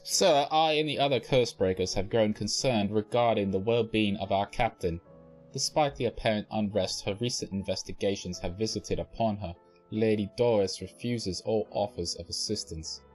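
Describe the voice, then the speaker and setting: A man's voice: lowish voice, normal speed, darkish tone, faint music behind, close to an everyday voice. A man putting on a made-up accent to read a polite soldier's request aloud. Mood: earnest. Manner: formal, stiff reading in a made-up accent. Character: courteous male curse breaker soldier.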